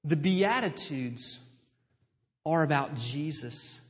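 Male pastor, slightly high voice, deliberate emphatic sermon delivery, long hall reverb. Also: expressive. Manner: slow, emphatic preaching with repeated refrains.

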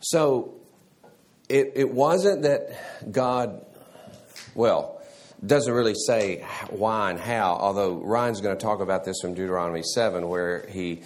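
A man teaching a church Sunday school class in a halting way, restarting words and often clearing his throat. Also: on the low side.

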